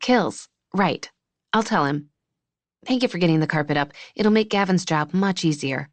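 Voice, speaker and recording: An easygoing grown man, attentive and gently teasing, his lines kept calm and unhurried, as a woman reads him. The voice sits low and is heard dry and close, with no room around it. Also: dry recording, lightly acted.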